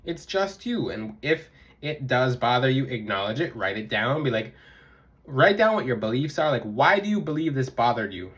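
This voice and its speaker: A young man giving casual spiritual advice to his viewers, emphatic and repetitive, sometimes mimicking others in a high voice. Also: very animated, moderate pace, a bit bright. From South Florida. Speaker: spiritual vlogger. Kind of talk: casual advice monologue to camera.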